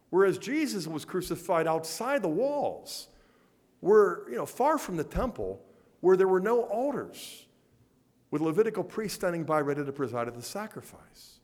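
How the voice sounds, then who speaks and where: An animated man telling a story in a lecture, slipping into both voices of a conversation. His voice sits a little high and swings widely in pitch. The sound rings with a long reverb in a large hall. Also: moderate pace.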